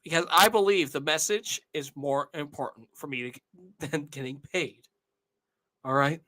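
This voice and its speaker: A man's voice: on the high side, normal speed, bright, forceful tone. A young man in his twenties hosting his channel, talking earnestly and emotionally to viewers and repeatedly asking "all right?". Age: 20s. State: emotional, tearing up. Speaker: channel host. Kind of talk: casual monologue to viewers.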